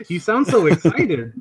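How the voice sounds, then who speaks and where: A man's voice: high-pitched, slightly rough. Male podcast guest, crude, blunt, stumbles on restarts. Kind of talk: casual chat.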